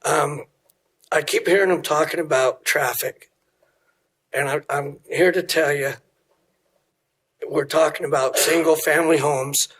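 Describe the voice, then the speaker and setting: A hoarse middle-aged man giving blunt, pointed public comment at a city meeting, asking pointed questions into a podium microphone. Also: a little high, fairly even intonation, a little slow, long pauses, fairly bright tone. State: hoarse, losing his voice.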